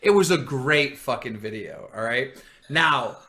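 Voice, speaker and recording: A man's voice: medium pitch, lively intonation, a little slow, sharp tone. A man hosting a casual chat, telling a prank story in a brash, boastful way and punctuating it with "right?" and "okay?". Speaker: host.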